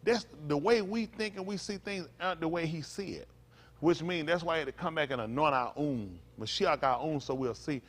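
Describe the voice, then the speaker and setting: Folksy preaching man, fairly high voice. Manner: loose, folksy preaching with rhetorical questions to the congregation; stops to spell out Hebrew words slowly. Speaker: pastor. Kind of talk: conversational sermon.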